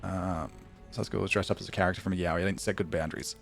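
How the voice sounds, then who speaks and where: Guy streamer chatting w/ chat, low-ish voice, animated storyteller, quiet music in the back. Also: quick pace, gravelly. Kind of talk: casual chat reading out chat messages.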